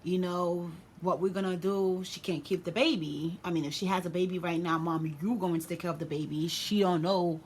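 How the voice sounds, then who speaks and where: A woman voicing her calm, practical older sister, reasoning in a matter-of-fact way. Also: fairly low pitch, moderate pace, hardly any pauses, a little hiss or hum, natural voice.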